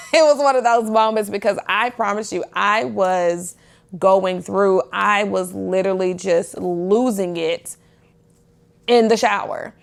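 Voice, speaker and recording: A woman hosting a podcast, telling a personal faith story in an earnest, confessional, animated way. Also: medium pitch, takes it slowly, creaky. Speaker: podcast host. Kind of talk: candid faith talk.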